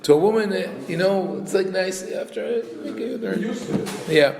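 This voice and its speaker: A man's voice: high voice, moderate pace, creaky, a little mellow. A rabbi teaching a casual class, talking in a conversational, digressive way and acting out quoted lines as he tells a story. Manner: conversational and digressive, peppered with "you know". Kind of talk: casual Torah class lecture. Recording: echoey hall with faint background noise.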